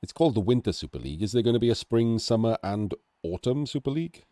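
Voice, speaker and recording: A man's voice: lowish voice, big pitch swings, quick pace, mellow, dry recording, studio quality. A Welsh man with a nasal, throaty voice, sick and coughing, chatting casually through a game analysis. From Wales. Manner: chatty, self-deprecating asides.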